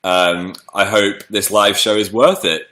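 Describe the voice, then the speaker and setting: A young man rambles playfully through a casual livestream, reading out viewer messages. His voice is low-pitched yet bright and forceful, and he sounds a little under the weather from a cold. The room around him is echoey. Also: fairly even intonation, measured pace. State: slight cold with a cough.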